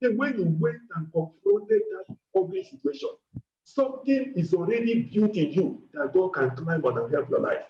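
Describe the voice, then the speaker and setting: A man preaching and leading a fervent, repetitive prayer, sometimes breaking into shouting and speaking in tongues. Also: high voice, sing-song, moderate pace. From Nigeria. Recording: echoey, dull lo-fi room recording.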